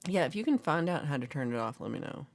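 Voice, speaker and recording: A woman's voice: low voice, sing-song, fast, vocal fry. A woman hosting a casual livestream, playfully reading and answering chat comments and teasing her viewers. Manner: jokey and teasing. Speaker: livestream host.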